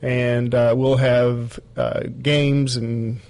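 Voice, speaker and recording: A man's voice: mid-range voice, little pitch movement, drawn-out words, a little mellow, poor audio. A man who works at a wildlife park, explaining owls on a studio chat show with dry jokes. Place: studio with a live owl.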